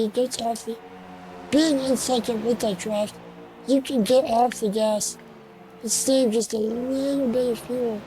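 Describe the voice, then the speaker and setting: A woman commentating an online sim race, slow and halting, with fillers and restarts, and she has the hiccups. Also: fairly high pitch, warm tone, low-quality recording.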